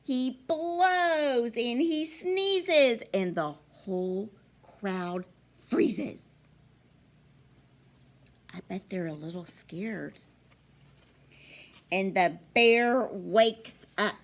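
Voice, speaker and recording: A woman teacher reading a picture book aloud to children in an animated, expressive way. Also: fairly high pitch. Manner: animated, expressive, slow and deliberate.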